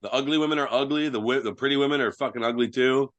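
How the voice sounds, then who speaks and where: A man's voice: medium pitch, fast talker, dull audio. A young man, a guest wrestler, telling blunt, profane stories in casual podcast chat.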